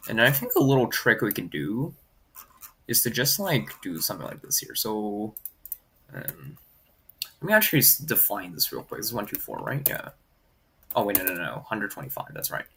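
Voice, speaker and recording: This livestreamer, graphing in Desmos, has a mid-range male voice with a sharp edge and a little background noise behind it. His talk is loose and rambling, packed with "like," and he keeps reading the chat out loud.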